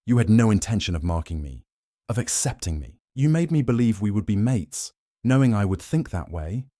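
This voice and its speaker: A man's voice: fairly low pitch, sing-song, moderate pace, dark tone, no echo, clean studio sound. A man voicing a fierce young werewolf leader's mate, a woman with a cold, cutting and scornful way of speaking. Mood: bitter.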